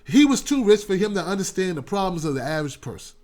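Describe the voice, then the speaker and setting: A man hosting his own call-in talk show, speaking loose, irreverent and full of slang. His voice sits fairly high for a man, and he riffs casually as if chatting with viewers. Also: big pitch swings, fast, a little mellow. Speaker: host of a call-in commentary show.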